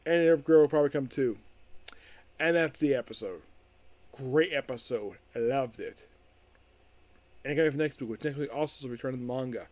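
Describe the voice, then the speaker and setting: A man's voice: medium pitch, fairly quick, long pauses, darkish tone, dry recording. A man casually recapping an anime episode as a reviewer, rambling with frequent restarts and fillers.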